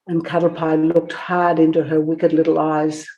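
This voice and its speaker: Woman reading a children's book aloud, expressive, lowish voice. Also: normal speed. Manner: expressive, storytelling. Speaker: narrator.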